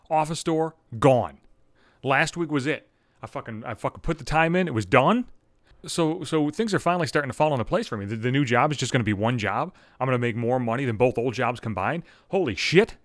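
A man's voice: fairly high pitch, dry recording, clean studio sound. Profane ranting man in his thirties. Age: 30s. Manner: animated, swearing, ranting with rising exasperation. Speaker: podcast host. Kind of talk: profane personal storytelling monologue.

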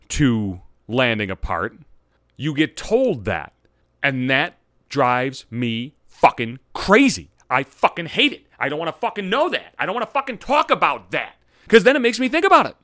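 A man's voice: sits high, fairly bright tone, no room sound. A man hosting his own podcast as a voice actor, ranting in a profane, exasperated monologue that keeps escalating, recorded on a studio podcast mic.

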